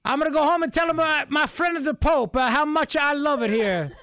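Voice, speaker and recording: A man's voice: extremely high pitch, brisk, pushed and bright, no echo, studio quality, voice pushed up, exaggerated voice. A man putting on an exaggerated Italian accent, playing a gushing Italian man who raves about food and ends his lines with "eh?".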